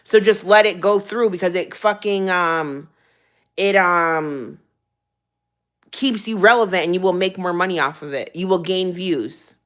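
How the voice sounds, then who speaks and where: A woman's voice: lowish voice, measured pace. Profane rambling young woman streamer. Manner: profane, rambling, laughs often. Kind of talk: casual ranting livestream commentary.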